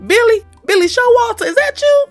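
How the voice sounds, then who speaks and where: A woman's voice: very high voice, expressive, a little fast, a little mellow, faint music behind, pitched above the performer's own voice. A woman voicing a mouthy kidnapped boy who fires off sassy, exasperated questions in a raised voice. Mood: startled.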